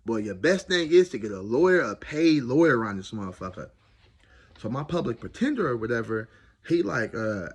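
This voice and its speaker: A man telling a jail story in a casual, animated and slangy way. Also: fairly quick, breathy edge. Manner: animated, slangy, loud swings of pitch. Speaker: storyteller recounting jail time.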